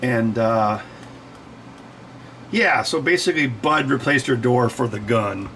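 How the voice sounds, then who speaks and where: Man, casual livestream chat, digressive, self-correcting, medium pitch, faint background hum. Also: takes it slowly, a bit bright, low-quality recording. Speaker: livestream host. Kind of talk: rambling casual chat while working.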